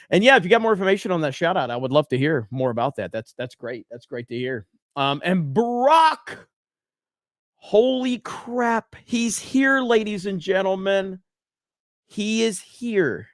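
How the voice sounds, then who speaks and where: Hyped-up guy hosting a stream, kinda high voice, dry close sound. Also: no room sound. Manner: excitable, hyping up viewers. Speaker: podcast host. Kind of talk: casual livestream chat.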